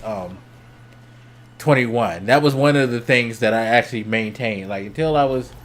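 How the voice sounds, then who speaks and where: A young adult man streaming, telling a story casually, swearing freely and laughing as he goes, his voice jumping up when he gets excited. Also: mid-range voice. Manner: laughs between lines.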